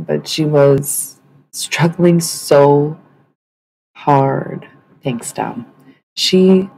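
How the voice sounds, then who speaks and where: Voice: medium pitch, creaky, a little mellow, slight background noise, rough recording. A livestreamer talking casually and swearing a lot, rambling with many fillers while claiming to channel spirits. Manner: rambling, profane, lots of fillers.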